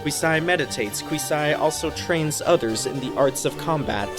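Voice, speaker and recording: A man voicing a ponderous living stone statue man who speaks of himself in the third person, read slowly from a game. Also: fairly high pitch, animated, over music, natural voice. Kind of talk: reading game dialogue aloud.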